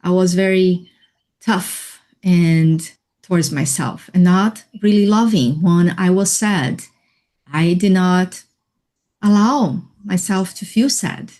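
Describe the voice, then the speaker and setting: Slow, reflective woman telling her story. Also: on the low side, warm tone. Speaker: interview guest, healing coach. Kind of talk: personal storytelling in a radio interview.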